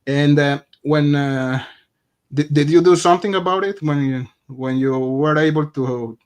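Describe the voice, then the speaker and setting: A man hosting an interview, asking questions in a halting way with frequent pauses and repeated words. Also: a little high, clear, resonant tone. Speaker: interview host.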